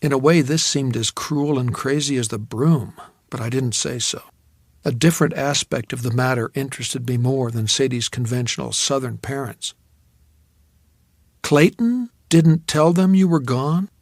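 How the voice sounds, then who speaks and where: A man reading a novel aloud as an audiobook narrator, in a measured storytelling manner. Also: mid-range voice, fairly even intonation, gravelly, no echo.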